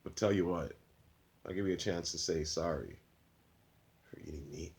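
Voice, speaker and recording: A man voicing a psychopathic vegan lobster-man villain, speaking low and quiet with menace. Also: normal speed. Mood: menacing.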